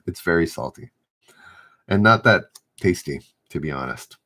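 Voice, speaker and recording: A man's voice: low voice, animated, normal speed, bright, forceful tone. A middle-aged man hosting a live-stream trivia game, reading questions aloud, stumbling and rereading, and chatting with viewers. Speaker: trivia host.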